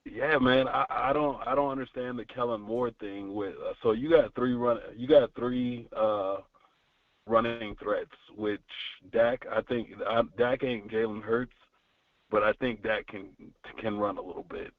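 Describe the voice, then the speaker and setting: A man's voice: mid-range voice, a little slow, dry recording, recorded from a distance. A man calling in to a sports show, frustrated and stumbling over repeated words. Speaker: caller. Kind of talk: call-in sports talk. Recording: tinny, breaking-up phone line.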